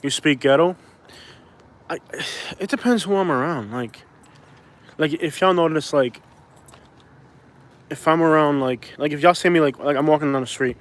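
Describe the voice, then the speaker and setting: Rambling Cuban-born man with a higher voice. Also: normal speed, long pauses. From Cuba. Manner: rambling, filler-heavy, reads out chat comments. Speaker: vlogger, live streamer. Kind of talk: casual live-stream talk. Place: outdoors, walking around a town.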